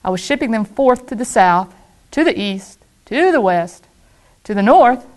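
A woman's voice: fairly high pitch, lively intonation, measured pace. Woman reading a storybook playfully. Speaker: school staff reader. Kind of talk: reading a children's book aloud.

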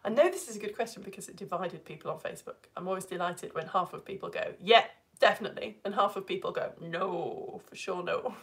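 A woman from the United Kingdom teaching a live online lesson, chatty and laughing often, reading verse slowly. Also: fairly low pitch, vocal fry, slightly rough.

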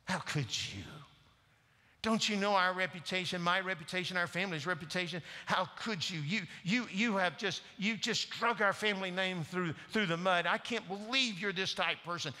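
A man's voice: high voice, moderate pace, bright, forceful tone, in a large hall, pitched above the performer's own voice. A man playing a furious, proud deacon father who sputters harsh accusations at his daughter.

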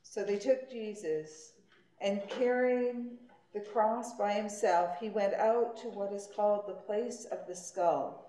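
Slow woman reading scripture, echoey church. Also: medium pitch, steady tone, mellow, a little hiss or hum. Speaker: lay reader, narrator. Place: church sanctuary.

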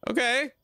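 A man playing a horror game and talking through it aloud, easily startled and swearing often. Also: pushed and bright. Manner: jumpy, swears a lot, reacts aloud. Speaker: gamer.

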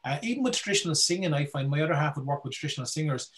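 An Irish folklorist talks quickly and energetically in a relaxed session with questions. His voice is a little high for a man, and he restarts phrases and repeats words as his ideas tumble out.

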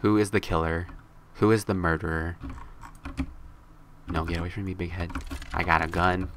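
A man's voice: little pitch movement, normal speed, background noise. A young man streaming a video game live, joking with chat and shrieking in mock fear when cornered. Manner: playful, jokey, squeals high when scared in the game.

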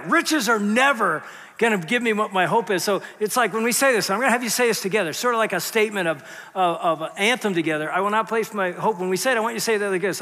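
In his sermon, a pastor talks conversationally, alternating soft, hushed remarks with loud, emphatic ones. His high, bright, forceful voice echoes with a long reverb off the church sanctuary.

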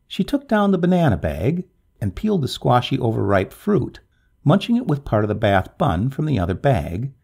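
Male storyteller, gravelly, husky, dark, very lively pitch, dramatic narration. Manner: expressive, swooping delivery.

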